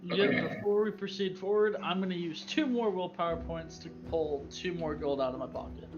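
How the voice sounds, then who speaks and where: A man playing a tabletop game, chatting in a relaxed, matter-of-fact way. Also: sits high, normal speed. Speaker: player. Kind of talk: casual game chat. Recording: muffled voice chat with faint music.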